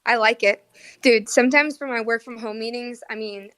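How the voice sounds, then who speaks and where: A woman's voice: a little high, fairly even intonation, moderate pace, fairly bright tone, no room sound. A young woman hosting a casual online chat, talkative and self-deprecating with lots of fillers. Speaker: host.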